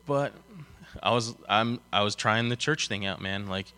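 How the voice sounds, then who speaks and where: Young pastor, bright slightly low voice, relaxed storyteller preaching in a church. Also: male voice, moderate pace. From Colorado, USA. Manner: casual and chatty, many fillers, storytelling with acted quotes. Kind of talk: casual sermon talk.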